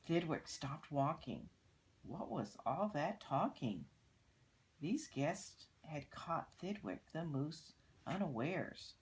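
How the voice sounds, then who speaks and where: Slow-reading grandma with a low voice. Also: female voice, big pitch swings, slightly rough, low-quality recording. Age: older. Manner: pauses to point out pictures. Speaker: storyteller. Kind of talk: reading a picture book aloud to children.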